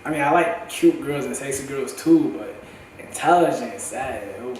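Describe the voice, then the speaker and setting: A young man in a candid, profane, slang-heavy monologue for his vlog, his voice going hoarse. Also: medium pitch, animated, moderate pace, a little hiss or hum. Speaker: vlogger. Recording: echoey room, far from the mic.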